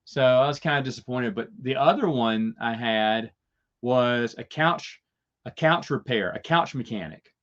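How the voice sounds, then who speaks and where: A man's voice: medium pitch, unhurried, a bit bright, dull audio. A man hosting a casual Q&A chat, rambling through stories and chuckling at his own jokes. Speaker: host answering viewer questions.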